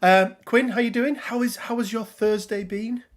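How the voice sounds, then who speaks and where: A man's voice: very high voice, fairly even intonation, moderate pace. A middle-aged man from England hosting a casual live stream, rambling and greeting viewers by name. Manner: chatty, rambling, reads out viewer names. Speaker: host.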